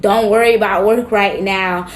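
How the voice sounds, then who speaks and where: A woman's voice: medium pitch, moderate pace, slight background noise. A woman, telling a dramatic personal story in a casual, slangy way and acting out what others said. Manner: animated, acts out quotes, slangy.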